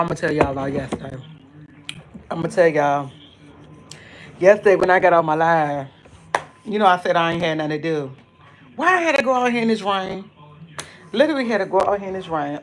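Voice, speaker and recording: A woman hosting a casual live stream, greeting viewers by name and telling a rambling story with many restarts. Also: fairly low pitch. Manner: chatty, greets viewers by name and reads comments aloud.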